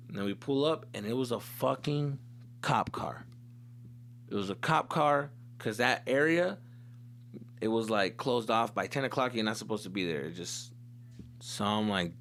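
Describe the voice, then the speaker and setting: Man, comedian, podcast host, animated storytelling, profane, Spanish slang mixed in, mid pitch. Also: normal speed, gravelly, a little hiss or hum.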